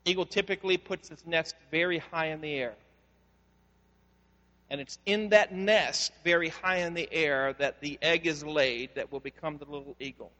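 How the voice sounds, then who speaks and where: A man preaching a sermon as pastor, telling stories in a conversational way with frequent restarts, then building to slow, emphatic declarations. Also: on the high side, pushed and bright. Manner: conversational storytelling with repeated word restarts. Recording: long hall reverb.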